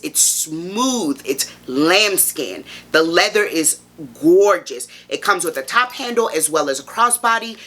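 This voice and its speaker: A woman vlogger talks straight to camera in a sassy, playful review. Her voice sits a little low for a woman, with a bright, forceful edge to it. She keeps the tone animated and teasing. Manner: sassy, playful, animated, calls the viewer baby. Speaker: fashion vlogger.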